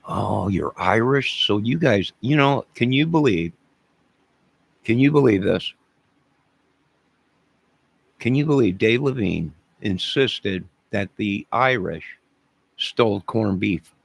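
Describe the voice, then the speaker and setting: A man's voice: lowish voice, expressive, slow, gravelly, long pauses, breathy edge, no room sound. A man from the American South hosting a casual live stream, rambling jokily and talking to his chat viewers by name.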